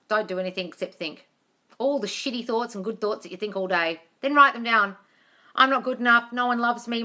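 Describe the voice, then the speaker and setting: A woman's voice: fairly high pitch, bright, forceful tone. A woman hosting a live-streamed Q&A as a manifestation coach, effusive, calling viewers darling and swearing casually. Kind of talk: live-stream Q&A, reading comments aloud. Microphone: tablet mic.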